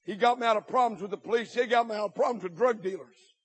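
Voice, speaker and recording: A man preaching a sermon, telling his own testimony and calling out to the congregation with rising shouted appeals. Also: quick pace, husky, in a large hall. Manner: rising to shouted exhortation, drops low to tell the story.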